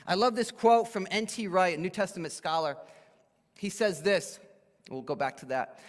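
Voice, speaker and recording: A man preaching a sermon as pastor, emphatic and animated, dropping to a hush for weight. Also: high-pitched, moderate pace. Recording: echoey hall.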